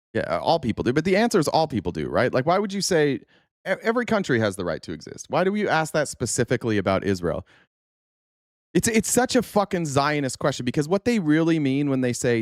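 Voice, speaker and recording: A man's voice: mid-range voice, no echo, clean studio sound. A man hosting a live stream, reacting to political clips with sarcastic, profane commentary.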